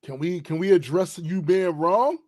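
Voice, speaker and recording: Dude cohosting a podcast, real lively up and down voice, swears a lot, super emphatic. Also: male voice, sits high, moderate pace. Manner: animated, profane, emphatic. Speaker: podcast co-host. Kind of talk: casual chat.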